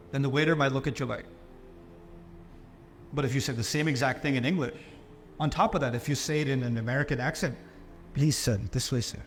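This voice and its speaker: A man giving a sermon-style Islamic lecture, emphatic and full of rhetorical questions, his voice rising and falling for emphasis. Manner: swings between raised and lowered pitch for emphasis.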